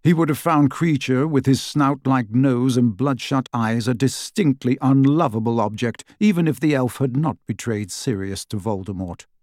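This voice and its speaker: A man's voice: medium pitch, no room sound. Male audiobook narrator, dry close sound. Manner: measured, expressive storytelling. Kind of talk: scripted narration.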